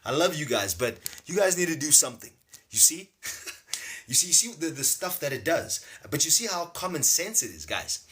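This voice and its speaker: A man's voice: on the high side, sing-song, normal speed, a bit bright. A man, giving a rambling, playful spiritual lecture on a live stream. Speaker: spiritual teacher.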